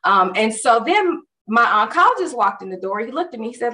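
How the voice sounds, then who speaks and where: A woman's voice: fairly high pitch, brisk, hardly any pauses. Woman telling a story, distant and roomy. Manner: animated, acts out others' words in quotes; conversational with frequent fillers. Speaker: storyteller recounting a personal experience. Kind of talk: casual spoken personal story.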